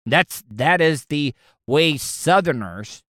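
A man's voice: on the high side, expressive, slow pace, a bit bright, no room sound, studio quality. Rambling crude-humored male podcast host. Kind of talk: casual solo monologue.

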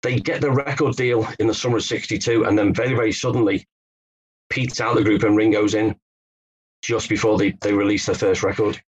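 A man's voice: fairly low pitch, steady tone, brisk, breathy edge, rough recording. A man from England, a guest author telling stories in an interview, hesitant with many restarts. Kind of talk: conversational interview.

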